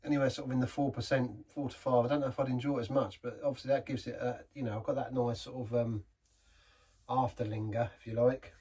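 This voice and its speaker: A man's voice: mid-range voice, flat delivery, fast, dark tone, husky, distant mic. A man giving a casual, rambling beer review, often stopping and restarting his sentences. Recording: voice set back from the mic.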